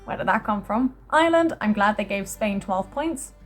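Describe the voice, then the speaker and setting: A young woman from the UK chatting casually as a vlogger while reading out her own notes, excitable, laughing often, and breaking into surprised exclamations. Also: medium pitch, moderate pace, faint music behind.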